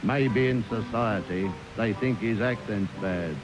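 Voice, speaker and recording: A man's voice: on the low side, takes it slowly. A man singing and patter-speaking a cheery comic music-hall song over a band. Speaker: comic singer. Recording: dull old record with loud band.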